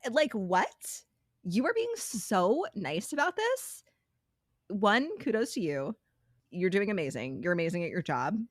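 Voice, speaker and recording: A woman's voice: medium pitch, very animated, unhurried, no room sound, clean studio sound. A young adult woman co-hosting a podcast, reacting in casual chat with sarcastic, joking asides. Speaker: podcast co-host.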